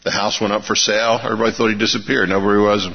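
A man's voice: fairly low pitch, level tone, very fast, vocal fry, slightly rough. Man, preacher, folksy sermon, rhetorical questions, long hall reverb, dull lo-fi recording.

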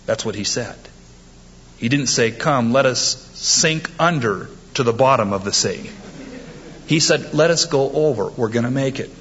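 A man's voice: medium pitch, unhurried, a bit bright, muffled recording. A man preaching a sermon, emphatic and quoting scripture with rising force. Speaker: pastor.

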